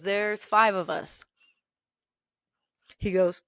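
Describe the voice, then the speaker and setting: A woman hosts a podcast, telling a story about a bad job. She sounds animated and exasperated and sometimes laughs in disbelief. Her voice sits mid-pitch and is recorded very dry and close. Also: a little slow, clear, resonant tone, no room sound. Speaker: podcast host. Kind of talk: storytelling rant.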